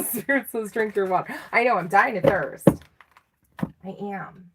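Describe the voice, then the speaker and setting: Casual tarot reader, middle-aged woman, slow and chatty with frequent laughs. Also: medium pitch, a bit bright. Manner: chatty and self-teasing, laughing often. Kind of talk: live tarot reading.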